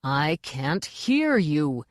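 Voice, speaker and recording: A woman's voice: low-pitched, moderate pace, no echo, studio quality, close to an everyday voice. Woman doing a harried male stage manager. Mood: bossy. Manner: barking, exasperated.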